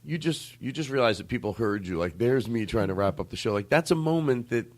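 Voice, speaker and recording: A man's voice: medium pitch, lively intonation, fairly quick, darkish tone. A man hosting a loose comedy podcast, rambling and poking fun at himself, now and then breaking into crooning. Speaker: podcast host.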